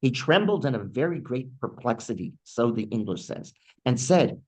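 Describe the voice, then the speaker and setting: A man's voice: sing-song, normal speed, darkish tone, low-quality recording. A man, a rabbi teaching a weekly Torah class, who asks his listeners many rhetorical questions and acts out the people in the text. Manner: acts out quoted speech with big pitch jumps. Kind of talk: Torah lesson.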